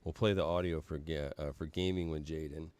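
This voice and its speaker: Casual podcast host, a low-voiced man, loose and rambling, dry room. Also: fairly even intonation, a little fast, darkish tone, smooth, no echo. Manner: rambling, laughs often, many fillers. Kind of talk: casual chat.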